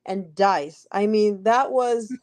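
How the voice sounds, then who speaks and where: A woman's voice: medium pitch, takes it slowly, darkish tone. A woman from New Jersey, a podcast guest and ring announcer, telling stories in casual interview chat with many restarts. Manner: chatty storyteller with many restarts.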